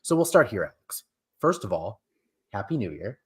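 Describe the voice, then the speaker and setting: A man's voice: on the low side, big pitch swings, moderate pace, a bit bright, breathy edge. A man hosting a live pop-culture stream, chatting casually with fillers and frequent laughs. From California. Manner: jokey, laughing, rambling with fillers. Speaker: podcast host. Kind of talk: casual chat.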